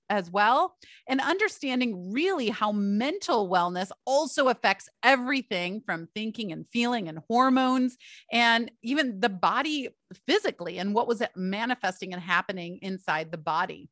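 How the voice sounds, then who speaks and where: Bright, chatty woman podcaster. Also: fairly high pitch, no room sound, studio quality. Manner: chatty, storytelling, addresses listeners as "you guys" and "y'all". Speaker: podcast host. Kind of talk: solo podcast monologue.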